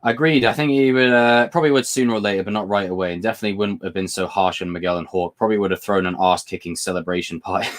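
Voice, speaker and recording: A man's voice: lowish voice, steady tone, racing, few pauses. A British man hosting a livestream, chatting casually and rambling between topics as he reads viewer comments. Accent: British English. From Britain. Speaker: livestream host.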